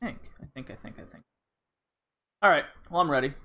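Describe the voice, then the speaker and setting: Man, podcast host, casual chat, rambling with fillers, higher voice. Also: quick pace, pushed and bright.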